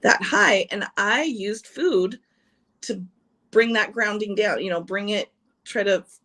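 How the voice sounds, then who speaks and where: A woman's voice: mid-range voice, measured pace, sharp tone. A woman on a livestream sharing personal stories in a chatty way, laughing often and restarting her sentences. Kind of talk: casual personal chat.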